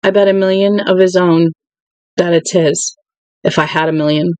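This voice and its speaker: A woman reading the lines of an earnest woman in a horror novel, in a quiet voice close to her own. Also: fairly low pitch, steady tone, normal speed, no room sound, natural voice. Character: earnest middle-aged woman, a traveller in peril.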